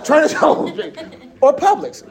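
A man giving a casual sermon, telling stories in an animated, conversational way and laughing often. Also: very high voice, unhurried, some chatter behind. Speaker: speaker.

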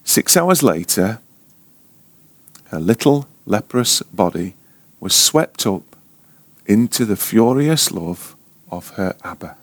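A man with a lowish voice tells a sermon story at an unhurried pace. His pitch rises and falls widely as he leans into the drama, and at times his voice drops to a hushed near-whisper. The sound is close and dry. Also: sing-song, no room sound. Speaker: ministry school teacher.

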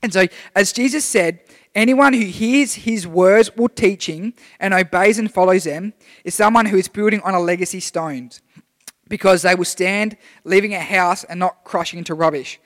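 A young man delivers a chatty, rambling sermon, restarting his sentences as he goes. His voice sits high for a man. It rings out in a church hall with a long reverb. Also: moderate pace, fairly bright tone. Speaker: youth preacher. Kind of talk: casual sermon.

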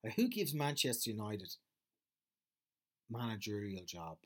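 A man's voice: fairly low pitch, very animated, moderate pace. A man talking through a casual monologue as a podcast host, rambling and swearing freely, with plenty of fillers and restarts.

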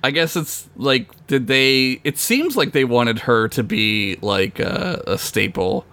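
A man's voice: medium pitch, animated, slow, pushed and bright. A man co-hosting a podcast, chatting loosely with lots of "like", swearing and laughing. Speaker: podcast co-host. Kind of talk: casual chat.

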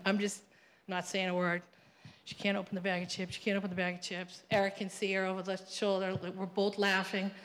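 A woman telling a funny, profane personal story live on stage at a story slam. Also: medium pitch. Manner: animated, profane, laughing at her own story. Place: theater stage. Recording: long theater reverb.

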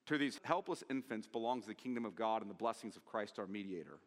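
A man's voice: fairly low pitch, lively intonation, quick pace, few pauses, long reverb tail. A man preaching a sermon as pastor, reading scripture aloud and posing rhetorical questions to the congregation. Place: church sanctuary.

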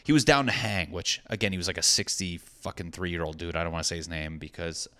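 A man's voice: deep voice, fairly even intonation, a little fast, pushed and bright. A young man, a stand-up comedian, telling a rambling, profane, self-deprecating story in casual chat.

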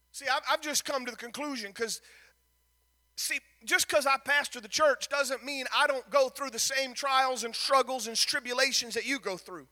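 A male pastor preaching a sermon, rising into shouted, sing-song cadences. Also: extremely high pitch, long reverb tail.

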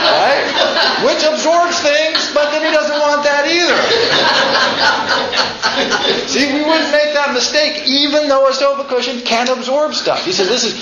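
A man's voice: extremely high pitch, normal speed, few pauses. A man giving an informal lecture, chatty, often asking "right?" and acting out quotes. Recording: echoey room, slightly dull sound, faint noise.

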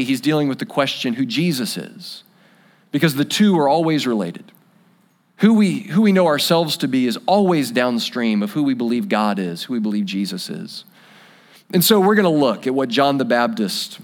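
A man preaching a sermon in an earnest, reflective way, letting key lines fall soft and quiet. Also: medium pitch. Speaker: pastor.

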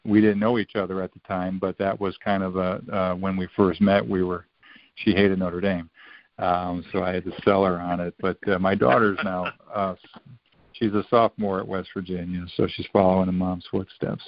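Speaking at a moderate pace with a flat delivery, this low, gravelly-voiced podcast guest in his fifties, once a college football player, rambles through old stories, doubling back, restarting, and quoting dialogue. It's casual storytelling, captured in a dry, somewhat dull recording with a lo-fi edge and no room sound.

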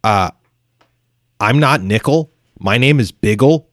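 A man's voice: medium pitch, expressive, takes it slowly, no room sound, clean studio sound. A man voicing an exasperated male adventurer who keeps being called by the wrong name.

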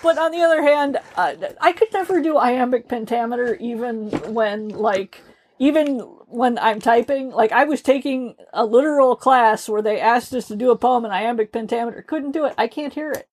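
Rambling, self-mocking woman, fairly high voice. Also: moderate pace, darkish tone. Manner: rambling, self-deprecating, profane. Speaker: podcast co-host, author. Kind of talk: casual chat.

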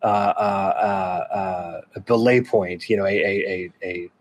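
A man's voice: deep voice, steady tone, a little slow. A man co-hosting a casual fan podcast, who talks eagerly and acts out lines from the show. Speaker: podcast co-host.

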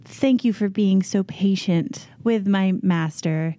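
A woman's voice: mid-range voice, slow, warm tone. A woman player in a tabletop game, speaking in character in a poised, courtly way. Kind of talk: in-character tabletop role-play.

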